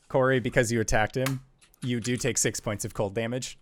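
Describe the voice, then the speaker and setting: A man acting as game master, narrating a tabletop fantasy game in a slow, theatrical storytelling way. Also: mid-range voice, fairly even intonation, no echo.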